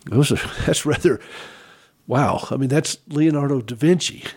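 A man giving a devotional Easter talk in a reflective way, pausing for effect and asking the listener direct questions. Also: mid-range voice, slightly rough. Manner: reflective, with expressive pauses and emphasis.

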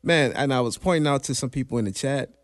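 A man's voice: medium pitch, quick pace, no echo. Earnest man co-hosting radio, dry. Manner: folksy, conversational, earnest. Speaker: radio co-host. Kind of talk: Christian radio talk.

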